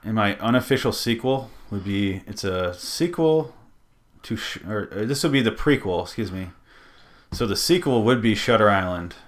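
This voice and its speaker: A man's voice: lowish voice, expressive, normal speed. A man hosting a casual movie podcast, rambling and joking, swearing freely. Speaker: podcast host.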